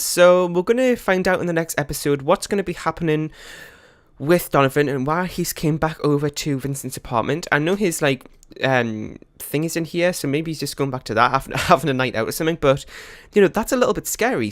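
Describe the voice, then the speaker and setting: A man narrates his life-sim playthrough in a loose, chatty way, full of fillers and quick laughs. His voice sits a little high for a man. The sound is close and dry, with no room around it. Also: animated, no room sound. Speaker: let's play host. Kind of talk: casual gameplay commentary.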